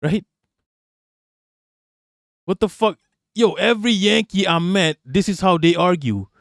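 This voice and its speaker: A man's voice: high voice, a little slow, vocal fry, dry recording, studio quality. A man hosting a livestream, ranting about politics in a profane, mocking way, repeating himself and laughing often. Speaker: livestream host. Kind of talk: casual political rant on a livestream.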